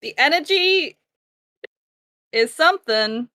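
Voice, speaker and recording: A woman's voice: high voice, animated, slow, sharp tone, no echo, studio quality. A woman player in a tabletop game, casual and playful, often breaking into giggles.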